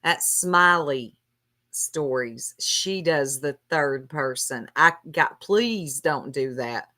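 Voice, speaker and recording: Slow-talking bright-voiced woman chatting. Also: sits low, lively intonation. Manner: laughs often, reads chat names aloud. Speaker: stream host. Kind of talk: casual gossip chat.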